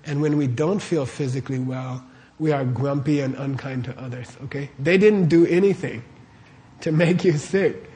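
In a warm room before a live audience, a man with a mellow, mid-range voice gives a casual Buddhist teaching at a normal pace. He speaks conversationally, frequently putting questions to his listeners and checking in with "okay?" and "right?".

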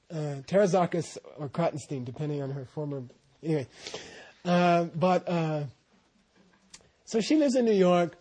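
A translator with a high, mellow, slightly rough voice tells a group meandering stories about his teacher. His talk is casual and anecdotal, full of asides.

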